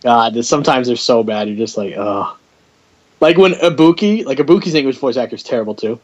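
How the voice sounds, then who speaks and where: A man's voice: mid-range voice, lively intonation, quick pace, poor audio. A man hosting a podcast in casual chat, blunt and jokey, steering the talk along. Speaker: podcast host.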